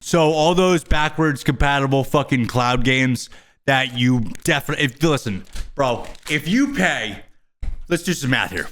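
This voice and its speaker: A man's voice: medium pitch, animated, unhurried, fairly bright tone. A young man hosting his own video, ranting about a product with crude, exasperated swearing. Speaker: host. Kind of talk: profane ranting commentary.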